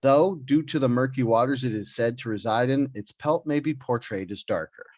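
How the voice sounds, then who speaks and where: A man's voice: medium pitch, normal speed, darkish tone, no echo. A man hosting a podcast, reading out list entries in a joking casual chat. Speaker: podcast host.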